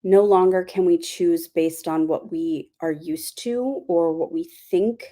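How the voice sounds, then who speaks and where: A woman's voice: fairly low pitch, a little slow, mellow. A woman giving a casual spiritual talk as host of her channel, rambling with many fillers and apologies.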